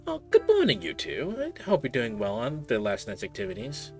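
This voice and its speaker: A man voicing a kindly, motherly woman who runs a tea shop, in a raised gentle voice. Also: mid-range voice, wildly swooping pitch, moderate pace, soft background music.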